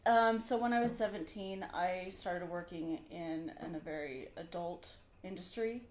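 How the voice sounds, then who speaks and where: Candid woman in her thirties, lowish voice. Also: measured pace, a little mellow, echoey room, a little hiss or hum. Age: 30s. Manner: candid, laughs easily. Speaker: guest. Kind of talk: casual interview.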